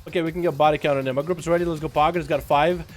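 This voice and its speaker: A young man with an American accent, Russian by birth and first language, hosting a live game stream with quick, excitable play-by-play and frequent laughs. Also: a little high, faint music behind. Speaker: livestream host. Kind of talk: live game commentary and chat. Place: hot home room.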